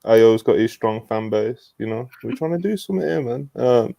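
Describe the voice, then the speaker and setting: A man's voice: medium pitch, expressive, normal speed, creaky, mellow, no echo. A man co-hosting a podcast in a casual chat, easygoing and laid-back. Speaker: podcast co-host.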